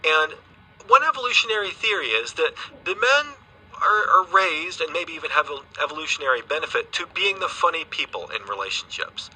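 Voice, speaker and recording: A man's voice: fairly high pitch, sing-song, fairly quick, sharp tone, a little hiss or hum, rough recording. A man who is a guest expert on a radio interview, explaining patiently and often restarting his phrases, speaking from a remote studio. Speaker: guest scientist.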